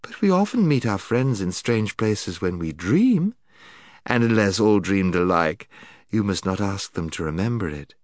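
A man voicing a soft-spoken coaxing witch queen. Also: fairly low pitch, very animated, measured pace, dry recording, clean studio sound. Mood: soothing. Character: sweet-voiced coaxing enchantress queen, female.

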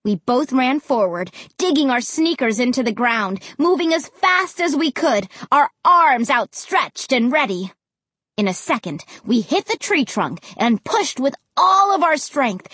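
A female audiobook narrator with a slightly bright, breathy-edged voice reads a spooky children's novel aloud on a dry recording. Her expressive narration is dramatic, acting out characters' lines with big pitch jumps and lots of energy.

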